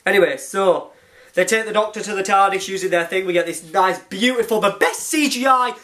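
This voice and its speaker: A hyper fan reviewer recaps an episode in a rush of excitement. The speaker rambles and gushes, circling back with "anyway" again and again. The voice sits at a middling pitch. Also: brisk. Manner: hyper, gushing and rambling, often restarts with "anyway".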